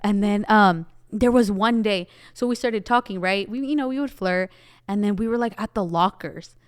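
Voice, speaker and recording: A woman's voice: medium pitch, normal speed, smooth, no echo, clean studio sound. A young Mexican-American woman co-hosting a casual chat, telling stories with lots of quoted dialogue. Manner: chatty storyteller, animated quoting. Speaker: podcast co-host.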